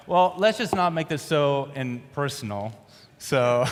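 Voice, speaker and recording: Brief: playful man as game show host, slow delivery, slightly high voice, big echoey hall. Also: expressive. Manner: theatrical, teasing, sprinkles in foreign greetings. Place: conference stage in a large hall. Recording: long reverb of a large hall.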